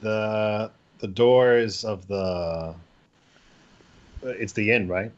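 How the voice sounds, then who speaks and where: A man playing a tabletop game, slowly and hesitantly describing his character's actions. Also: lowish voice, lo-fi sound. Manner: slow, hesitant narrating of his turn. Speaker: player. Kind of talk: tabletop role-play narration.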